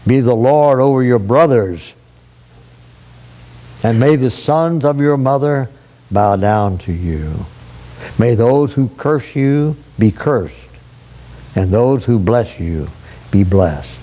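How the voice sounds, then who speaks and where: A man voicing an aged blind father who questions and then solemnly blesses his son, a little higher than his own voice. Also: animated, slow, long pauses, dark tone.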